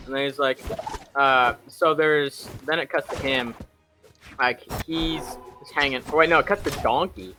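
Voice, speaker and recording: A man's voice: mid-range voice, steady tone, normal speed, over music. A young man hosting, casually retelling a film plot in rambling fashion, full of fillers and self-corrections. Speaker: host.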